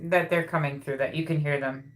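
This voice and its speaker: A woman's voice: sits low, steady tone, a little fast, slight background noise. A woman hosting a live psychic reading stream, relaying messages and repeating phrases as they come through.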